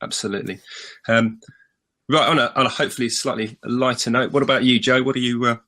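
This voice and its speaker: Chatty podcast host. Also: male voice, mid-range voice, fast. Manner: relaxed, chatty, steering the conversation. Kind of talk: casual podcast chat.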